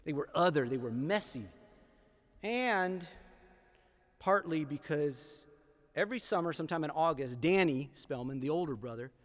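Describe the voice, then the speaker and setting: A man telling a personal story live on stage, with dramatic pauses and repeated lines for emphasis. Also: a little high, animated. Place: historic theatre stage. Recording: long theatre hall reverb.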